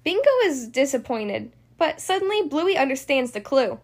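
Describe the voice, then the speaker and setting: High-voiced woman reading a children's storybook. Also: very animated, moderate pace. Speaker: podcast host and storybook reader.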